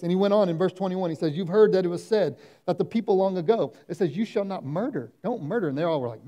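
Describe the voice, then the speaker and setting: Conversational pastor with a mellow voice. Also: male voice, high voice, animated, quick pace, few pauses, dull audio. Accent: Oklahoma. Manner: conversational preaching, acting out quoted voices. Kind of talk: sermon. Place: church sanctuary.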